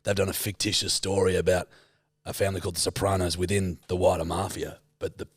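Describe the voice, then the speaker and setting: A man's voice: sits low, flat delivery, quick pace, husky, no room sound. A man co-hosting a podcast in casual, playful chat, swearing freely and. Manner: playful, swears freely, lapses into mock accents. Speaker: podcast co-host.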